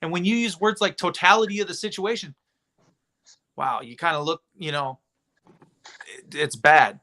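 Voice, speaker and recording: A man hosting a livestream, talking in a rambling, indignant, animated way. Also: fairly high pitch, moderate pace. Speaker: livestream host. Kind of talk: casual livestream chat.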